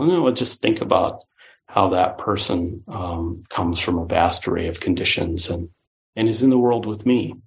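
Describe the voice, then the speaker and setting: A man delivers a dharma talk in a relaxed, conversational style. His voice is lively and ranges widely in pitch, often swooping up for emphasis and playful asides. He sounds like a teacher sharing ideas rather than lecturing. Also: moderate pace, gravelly. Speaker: Buddhist teacher.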